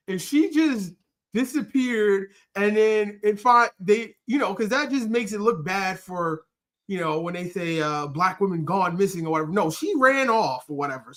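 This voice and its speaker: Animated movie review co-host. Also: medium pitch. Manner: animated, retells scenes with acted-out quotes. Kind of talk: casual movie review chat. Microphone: streamed online call.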